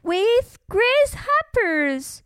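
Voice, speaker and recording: A woman's voice: very high-pitched, animated, drawn-out words, fairly bright tone, no room sound, clean studio sound, pitched above the performer's own voice, exaggerated voice. A woman voicing a cheerful, giggly little boy possum in a children's storybook reading, speaking chirpily. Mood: gleeful. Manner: chirpy, gleeful.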